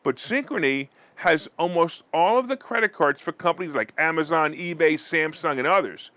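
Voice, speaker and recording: A man's voice: fairly high pitch, expressive, normal speed, sharp tone, no echo. A man hosting a finance and politics show, reading his commentary with sarcastic asides. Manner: sarcastic, mock-weeping theatrics. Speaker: host.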